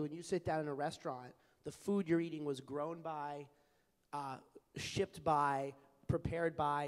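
Speaking earnestly on a panel, a young man from California, the founder of an advocacy group, shares personal stories with plenty of fillers and restarts. His voice is fairly high and rings out with a long reverb in a large hall at a public forum.

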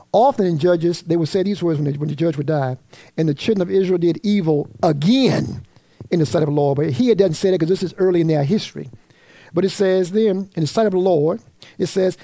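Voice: mid-range voice, mellow, dry recording. A Sunday school teacher, reading scripture aloud and quizzing the class with fill-in questions in a church classroom. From Virginia. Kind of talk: Bible study teaching.

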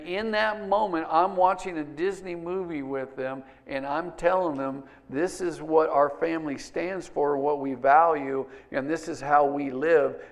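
Man preaching, hushed to loud. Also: on the high side. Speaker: pastor. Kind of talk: sermon. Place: church sanctuary.

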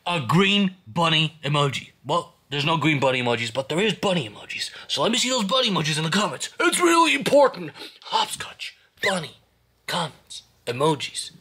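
Hyped-up man with a high voice. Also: a little fast, slightly rough. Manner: excitable, hyped, talks to viewers. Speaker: video host. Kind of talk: excited toy skit commentary. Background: music.

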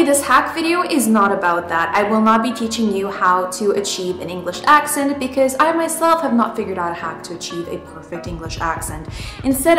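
Woman lifestyle vlogger, slightly high, bubbly, echoey room. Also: a bit bright. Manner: bubbly, enthusiastic. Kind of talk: casual vlog intro.

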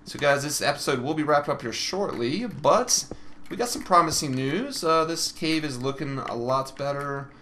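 Bright-voiced frustrated gaming commentator. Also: male voice, on the high side, normal speed, slight background noise. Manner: frustrated, swearing, talks to viewers as guys. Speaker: gaming channel host. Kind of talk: casual let's-play commentary.

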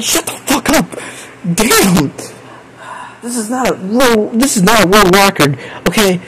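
A young man with a high voice rants through chat confessions, swearing constantly and breaking into laughter. He sounds exasperated, and his mic picks up clear background noise. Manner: profane, exasperated, bursts of laughter. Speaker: streamer reading chat confessions. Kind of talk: casual live stream commentary.

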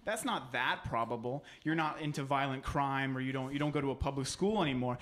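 A man's voice: mid-range voice, fairly quick, fairly bright tone. A young man doing stand-up comedy at a live show, telling a rambling, self-deprecating story with many restarts. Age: young adult.

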